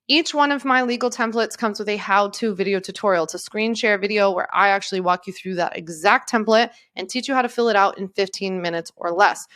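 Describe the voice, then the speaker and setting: A woman in her thirties, an attorney and coach, giving an upbeat and encouraging sales pitch in a webinar. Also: fairly bright tone.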